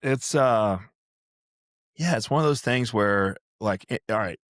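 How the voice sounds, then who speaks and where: Man, very low voice, dry close sound, chatty dog trainer, casual podcast talk, rambling with fillers. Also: a little slow, a bit bright, dry recording. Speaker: retriever trainer and kennel owner.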